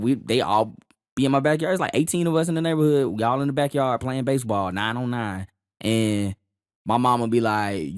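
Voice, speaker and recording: A man's voice: medium pitch, no echo, studio quality. A young adult man, co-hosting a podcast, telling a childhood story in a laid-back, easygoing way. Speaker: podcast co-host. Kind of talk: casual podcast chat.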